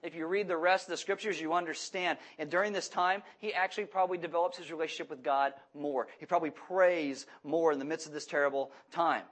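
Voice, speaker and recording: A man preaching a sermon to a congregation, lively and questioning, acting out voices as he goes. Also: a little high, fast talker, hardly any pauses. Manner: animated, acts out voices and asks the audience questions. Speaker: pastor.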